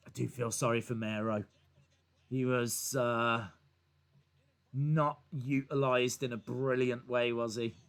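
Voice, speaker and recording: A man hosting a wrestling watch-along stream, giving excited live reaction commentary and joking, with bursts of shouting. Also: medium pitch, slow, smooth.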